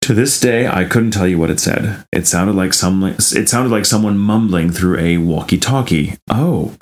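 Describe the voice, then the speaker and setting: A podcast co-host with a low voice reads a listener's ghost story at a moderate pace. He keeps breaking off for animated asides full of laughter.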